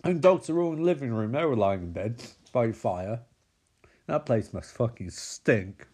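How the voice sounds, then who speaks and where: A man's voice: medium pitch, animated, normal speed, dark tone, husky. A man giving a crude, joking, casual recap of a show. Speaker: comedic recapper.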